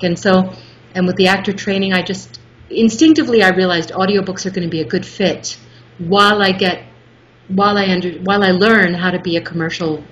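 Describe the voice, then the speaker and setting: A middle-aged woman talking as an interview guest, telling stories in a lively, articulate way. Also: on the low side. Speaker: guest, audiobook narrator. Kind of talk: casual interview chat. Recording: muffled with faint background noise.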